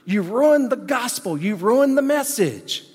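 Animated preacher man in a hall. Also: a little slow, husky. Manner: animated preaching, swinging between loud emphasis and low asides. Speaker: pastor. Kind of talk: sermon. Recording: long hall reverb.

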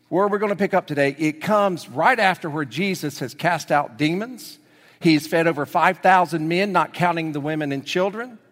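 A man preaching a sermon as pastor, telling the story with lively energy and dropping to hushed emphasis at key points. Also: a little high. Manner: animated storytelling, swings between loud excitement and hushed emphasis. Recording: long reverb of a large hall.

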